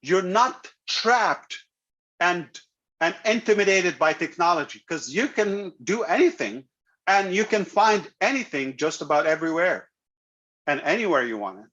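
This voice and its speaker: A man hosting a live online meeting, pitching a product with emphatic, repeated phrases. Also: a bit bright. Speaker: company leader hosting a live web meeting. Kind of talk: enthusiastic pitch to an online audience. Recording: dull lo-fi web call audio.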